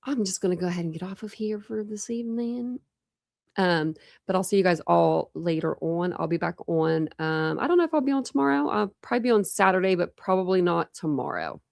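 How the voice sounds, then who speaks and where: A woman's voice: fairly low pitch, creaky, no echo, clean studio sound. A woman hosting a true crime livestream, chatting casually and rambling with lots of restarts. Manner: rambling, self-interrupting.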